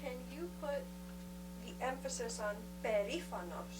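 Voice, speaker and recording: A woman's voice: fairly high pitch, animated, moderate pace, a little hiss or hum. A woman casually coaching someone's pronunciation, patient but teasing. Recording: distant from the mic.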